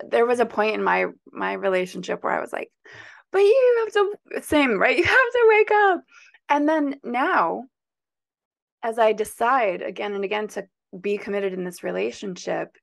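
A woman's voice: mid-range voice, gravelly. A woman hosting a podcast, affirming and enthusiastic with her guest. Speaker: podcast host. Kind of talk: casual conversational interview.

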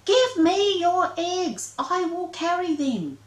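A woman's voice: a little high, a little slow, darkish tone, echoey room, voice pushed up, natural voice. A woman voicing a brave, anxious young female swamp monster in a children's story, with urgent, breathless cries. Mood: pleading. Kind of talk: children's story read-aloud.

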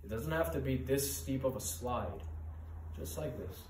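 A man's voice: medium pitch, measured pace, distant mic, background noise. Urgent preaching man in an echoey room. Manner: earnest, urgent preaching with rhetorical questions. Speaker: pastor. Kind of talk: sermon.

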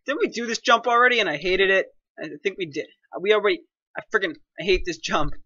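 Young man, high, piercing voice, excitable and self-mocking gameplay commentary, dry dull lo-fi sound. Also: quick pace, dry recording. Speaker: gaming commentator.

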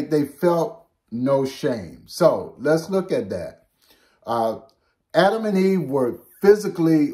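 Slow, unhurried older male pastor. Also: a little high, a little mellow. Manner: slow, unhurried, conversational teaching with frequent "okay?" check-ins. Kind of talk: bible teaching.

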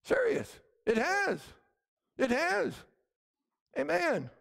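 A middle-aged male pastor delivers an emphatic sermon in a very high voice. His pitch swings widely and stays lively, and he keeps asking the room for an "Amen?". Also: extremely slow, gravelly. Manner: emphatic preaching, repeated calls of "Amen?".

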